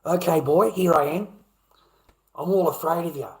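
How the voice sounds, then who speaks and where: A whiny, cowering male troll, as a man puts him on in mockery, pitched a little above his normal speech with a sneering, mock-frightened tone. It comes across as a sarcastic impression of a frightened man rather than a full character voice. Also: moderate pace, darkish tone, natural voice. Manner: mocking whiny put-on.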